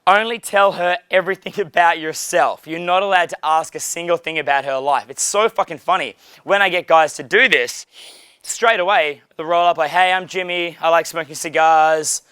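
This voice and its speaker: Brief: a profane, animated man in his thirties, dating coach, slightly high voice, dry close recording. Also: normal speed, clean tone, dry recording. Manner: profane, animated, acts out dialogues. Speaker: pickup coach. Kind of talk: casual coaching talk.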